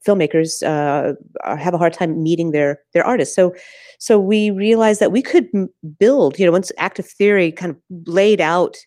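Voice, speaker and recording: Low-voiced woman, a thoughtful festival programmer. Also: warm tone, dry recording, studio quality. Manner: thoughtful, searching, many "uh" and "um" pauses. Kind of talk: interview answers.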